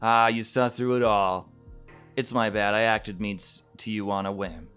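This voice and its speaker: A man's voice: fairly low pitch, fairly even intonation, normal speed, fairly bright tone, clean tone, faint music behind, natural voice. A man reading a visual novel aloud, voicing a big, clumsy, hot-tempered male bear who blusters and then turns sheepish.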